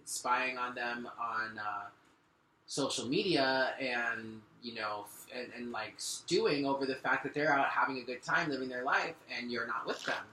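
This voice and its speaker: A man reads tarot aloud, speaking earnestly and straight to the listener as he shuffles and lays out cards. His voice is bright and forceful. The room gives it a noticeable echo. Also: mid-range voice, moderate pace, slight background noise. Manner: earnest, addresses the listener directly as "you". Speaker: tarot reader. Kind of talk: spoken tarot reading. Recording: echoey room.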